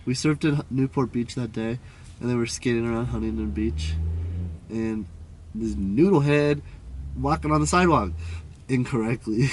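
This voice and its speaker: A man's voice: mid-range voice, normal speed, slight background noise. A young man co-hosting a podcast, laid back and full of surfer slang, retelling a run-in in casual chat. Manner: laid-back surfer slang, quotes people in raised voices. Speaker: podcast co-host.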